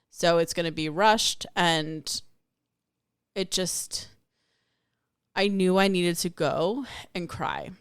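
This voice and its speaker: A young adult woman talks candidly through a personal story on her spiritual podcast, often slipping into the voices of the people in it. Her voice is smooth and clear, sitting a little low for a woman. The sound is close and dry, with no room around it. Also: no echo. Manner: candid, storytelling with acted-out quotes. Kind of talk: personal reflective monologue.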